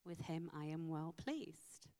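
A woman preaching a sermon, slow and emphatic with dramatic pauses. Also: low-pitched, lively intonation, mellow. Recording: long hall reverb.

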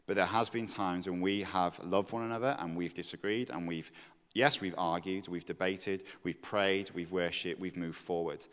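Man, preacher, very low voice, smooth and resonant, earnest and emphatic, long hall reverb. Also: steady tone, normal speed, fairly bright tone. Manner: earnest, confessional, building to emphatic exhortation. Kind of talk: sermon.

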